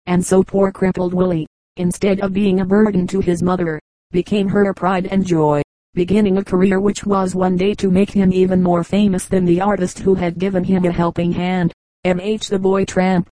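A woman narrating an audiobook in a steady, even reading. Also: lowish voice, normal speed, no room sound, low-quality recording. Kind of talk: scripted narration.

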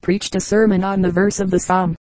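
Woman reading stories, mellow dry voice. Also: medium pitch, brisk, no room sound, poor audio. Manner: steady storytelling read. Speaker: audiobook reader. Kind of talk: scripted narration.

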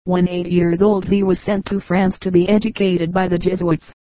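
Mellow-voiced woman reading calmly. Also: fairly low pitch, dry recording, rough recording. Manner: measured, even reading. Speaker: audiobook reader. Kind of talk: scripted narration.

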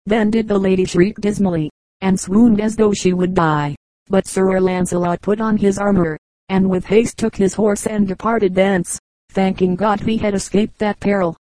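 Woman with a mellow reading voice. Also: medium pitch, steady tone, no echo, rough recording. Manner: measured storytelling. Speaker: audiobook narrator. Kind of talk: audiobook reading.

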